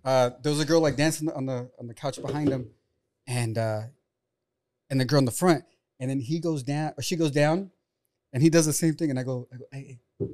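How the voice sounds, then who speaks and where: A man's voice: mid-range voice, fairly quick, darkish tone. A man telling a story in casual podcast chat, swearing and acting out quotes. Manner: laid-back storyteller, acts out quotes, swears. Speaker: podcast co-host.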